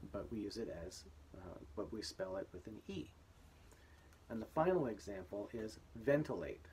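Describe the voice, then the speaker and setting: A man's voice: medium pitch, slight background noise. Easygoing male teacher explaining spelling. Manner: relaxed, with frequent ums and restarts. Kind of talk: recorded spelling lesson.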